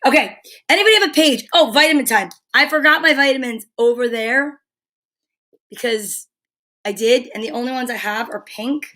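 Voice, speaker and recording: A woman's voice: fairly high pitch, moderate pace, sharp tone. Chatty older woman talking to her dog. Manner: chatty, affectionate, baby-talks to her dog. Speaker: live stream host. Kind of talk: casual live stream chat.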